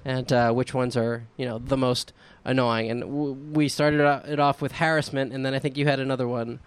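A man's voice: mid-range voice, little pitch movement, fairly quick, smooth. A man from Baltimore co-hosting an internet radio show, chatting and joking casually. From Baltimore, Maryland. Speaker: radio co-host. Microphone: studio mic.

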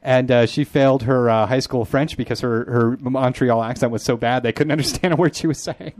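A man co-hosting an internet radio show, his voice at an ordinary middle pitch. He chats easily and drops dry, playful jokes. The mood is relaxed studio banter. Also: fairly quick, dry recording. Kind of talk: casual radio chat. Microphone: studio microphone.

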